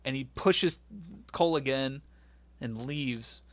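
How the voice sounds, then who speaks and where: A man co-hosting a podcast, recapping events in animated casual chat and acting out what others said. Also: medium pitch, takes it slowly, dry recording. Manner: animated storyteller, acts out quotes. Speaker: podcast co-host.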